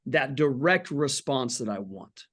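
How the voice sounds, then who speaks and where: A man's voice: medium pitch, lively intonation, a little slow, fairly bright tone. A man in his forties, a podcast guest, talking candidly about faith in an earnest, blunt way with casual swearing. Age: 40s.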